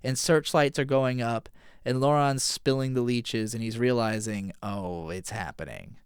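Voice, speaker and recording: Male podcast host with a smooth, resonant voice; relaxed, chatty recapper who swears now and then. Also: mid-range voice, no echo, studio quality. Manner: casual, profane, retells scenes with quick paraphrased dialogue. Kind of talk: casual episode recap and analysis.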